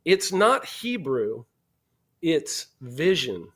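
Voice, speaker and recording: Animated middle-aged man telling a story. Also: on the high side, extremely slow. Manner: animated storyteller, acts out dialogue. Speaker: podcast guest. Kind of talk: storytelling in casual interview.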